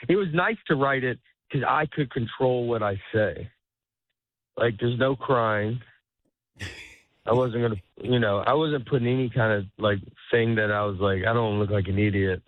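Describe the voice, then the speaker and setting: A comedian talking as a guest in a casual interview, rambling and cutting himself off, laughing often. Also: male voice, medium pitch, dry recording. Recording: tinny phone-like line.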